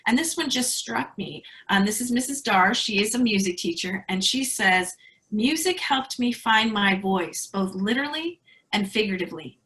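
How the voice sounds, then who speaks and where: Brief: woman presenter, bright and forceful tone, chatty storytelling, video-call sound. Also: medium pitch, poor audio. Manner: conversational storytelling with fillers. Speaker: speaker at an educators' webinar. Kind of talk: online presentation.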